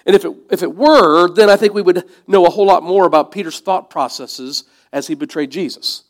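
A man preaching a sermon in a conversational, reflective way, dropping to soft asides. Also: sits high, brisk. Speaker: pastor.

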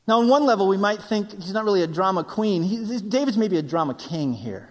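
A middle-aged man preaching a sermon, acting out quoted voices and swinging between loud, urgent passages and hushed near-whispers. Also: high voice, animated, fairly quick, few pauses. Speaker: pastor. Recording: long reverb of a large hall.

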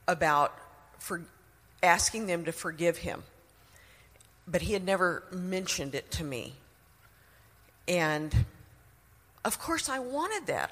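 Middle aged woman, emotional testimony, fairly low voice, long hall echo. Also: bright, forceful tone. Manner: earnest, emotional storytelling. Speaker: speaker sharing a testimony. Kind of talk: personal testimony.

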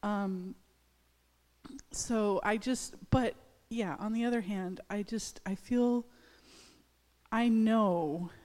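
A woman pastor in her thirties gives a halting, heartfelt testimony to her congregation. She talks slowly and restarts often, her voice soft and mellow. The church hall carries a long reverb behind her. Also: mid-range voice. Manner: hesitant, halting, many restarts and fillers. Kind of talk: personal testimony in a church service. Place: church sanctuary.

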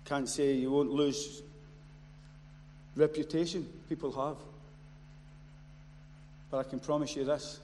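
A man preaching a sermon. He moves from quiet storytelling to loud, impassioned shouting. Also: fairly high pitch, flat delivery, slow, pauses often. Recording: long hall reverb, faint noise.

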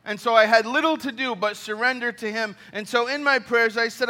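A man's voice: extremely high pitch, normal speed, hardly any pauses, bright, forceful tone. A man preaching a heartfelt sermon and leading a closing prayer, earnest, often repeating words and restarting phrases. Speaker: pastor.

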